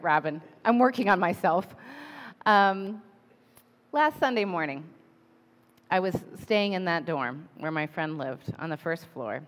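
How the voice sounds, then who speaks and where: A woman pastor in her forties giving a conversational sermon, telling a personal story with lively asides. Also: lowish voice. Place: church sanctuary. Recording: long reverb of a church hall.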